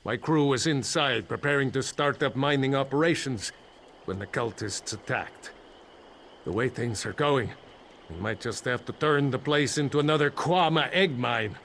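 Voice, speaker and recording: A man's voice: medium pitch, moderate pace, vocal fry, a bit bright, slight background noise. An actor playing an anxious male mine foreman in a video game, rambling nervously with dry humor about his trapped crew.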